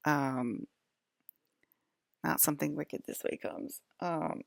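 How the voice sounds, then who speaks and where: A woman's voice: deep voice, expressive, takes it slowly, gravelly, no room sound. A woman vlogger talking in a casual, rambling monologue, hesitant and full of fillers.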